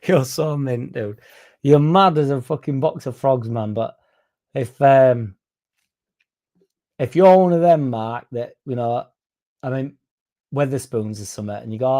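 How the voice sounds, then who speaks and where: A man chats on a football fan livestream, reading out viewer comments and answering them. His voice is gravelly with a dark, mellow tone. He rambles, swears freely and keeps things loose and casual. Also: mid-range voice. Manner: swears freely, rambles, mocks critics in a raised put-on voice. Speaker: fan channel host reading live chat.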